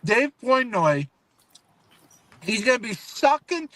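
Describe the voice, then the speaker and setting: A man's voice: extremely high pitch, sing-song, takes it slowly, sharp tone. A man calling in who rants crudely and emphatically, repeating his phrases. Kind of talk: heated live-stream debate.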